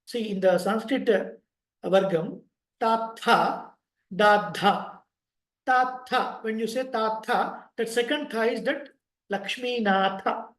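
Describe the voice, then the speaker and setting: A man with an Indian English accent leading an online sloka class, chanting slowly and explaining pronunciation with patience. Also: high voice, fairly bright tone, roomy sound, rough recording. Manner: slow drawn-out chanting, patient spelling-out of sounds. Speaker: chanting teacher.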